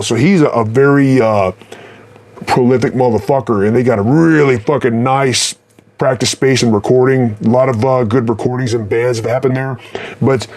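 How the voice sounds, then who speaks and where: A man's voice: mid-range voice, darkish tone. Male musician, casual tour recap, rambling, heavy swearing, lots of fillers. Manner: rambling, profane, with many fillers. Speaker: black metal musician.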